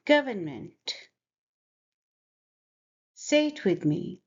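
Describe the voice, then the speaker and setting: Slow, deliberate woman teaching pronunciation. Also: medium pitch, lively intonation, dull audio. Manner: over-articulates words, repeating them for learners.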